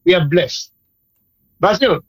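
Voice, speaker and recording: A radio caller, a man from Montserrat with a strong Montserratian Caribbean accent. He talks in a rambling, fervent, repetitive way over a phone line. His voice sits high and the sound is dry. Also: expressive, takes it slowly, husky, dry recording. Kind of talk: emotional call-in to radio.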